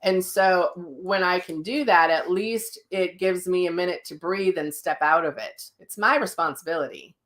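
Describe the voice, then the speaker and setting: Blunt, chatty middle-aged woman, lowish voice. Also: steady tone, unhurried, hardly any pauses. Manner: blunt, chatty and self-mocking, with frank language. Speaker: psychic medium hosting a daily live session. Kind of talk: casual chat reading viewer comments.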